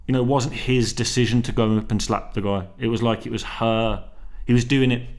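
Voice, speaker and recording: Brief: young man, casual solo vlog, rambling and slangy, mid-pitched. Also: fairly even intonation, brisk. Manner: rambling and slangy, full of restarts and swearing. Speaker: vlogger.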